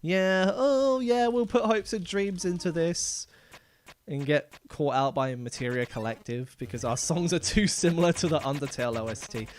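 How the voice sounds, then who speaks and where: A man's voice: on the high side, moderate pace. A man streaming a game live, chatting casually and rambling, laughing often as he talks. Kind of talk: casual live gameplay commentary.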